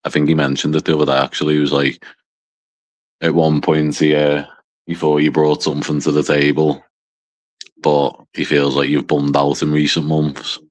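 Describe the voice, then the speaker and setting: A man's voice: extremely low pitch, monotone, normal speed. A man with a mild northwest English accent from near Liverpool, hosting a casual livestream with dry, self-deprecating teasing and swearing. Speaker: livestream host. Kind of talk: casual banter to a small live chat.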